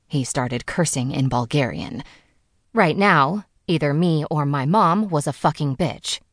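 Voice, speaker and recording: A woman's voice: a bass voice, gravelly, no room sound, studio quality. A woman reading a novel aloud in the first person, with a wry, sardonic delivery. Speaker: audiobook narrator. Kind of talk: first-person scripted narration.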